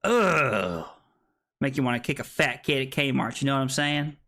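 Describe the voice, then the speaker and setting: Male streamer, tipsy, loud, swears a lot; very animated delivery with a bright edge. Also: mid-range voice, moderate pace. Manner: loud, swearing, jokey, often laughing. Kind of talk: casual live-stream chat. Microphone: streaming microphone.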